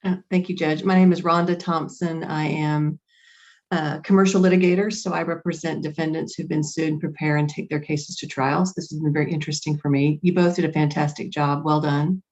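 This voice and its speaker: A woman, a commercial litigator on a judging panel, giving measured, warm feedback. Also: low voice, fairly even intonation, muffled recording.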